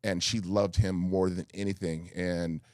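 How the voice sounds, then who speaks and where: A man's voice: low voice, little pitch movement, measured pace, darkish tone, clean tone, dry recording, studio quality. A man in his fifties from California, a guest in a podcast interview, telling his stories earnestly and rambling with many fillers. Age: 50s. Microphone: studio microphone.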